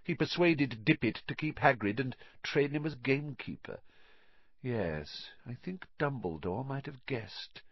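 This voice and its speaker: A man's voice: mid-range voice, animated, unhurried, slightly rough, dry recording, dull audio. A man voicing a gloating, silky teenage wizard. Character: sneering scheming sixteen-year-old male wizard. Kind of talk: audiobook character voice.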